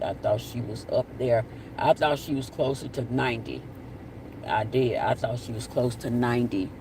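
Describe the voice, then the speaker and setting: A man's voice: medium pitch, darkish tone. Chatty man on a live stream. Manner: chatty, repeats himself, signs off with blessings. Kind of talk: casual live chat reading comments. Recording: distant mic with faint outdoor noise.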